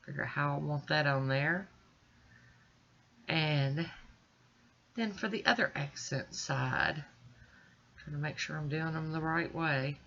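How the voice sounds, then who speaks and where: A woman's voice: low voice, takes it slowly, creaky, long pauses, a bit bright, highs cut off, slight background noise. A woman with stuffy, congested sinuses, chatting reassuringly to viewers as she walks through a nail art tutorial at home. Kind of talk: casual step-by-step tutorial narration.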